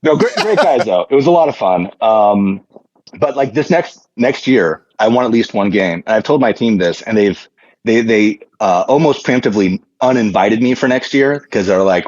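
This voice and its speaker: A man's voice: on the low side, expressive, normal speed, a little mellow, no room sound, muffled recording. A man telling a story in casual chat, rambling and joking with lots of fillers and restarts. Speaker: podcast guest, tabletop wargame player.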